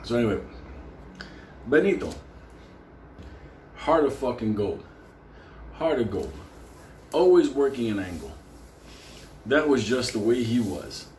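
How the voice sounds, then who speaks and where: A man's voice: mid-range voice, unhurried, pauses often, slight background noise. A man telling a story casually, swearing often and laughing through it. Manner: profane, laughing, animated. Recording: echoey room with faint ambience.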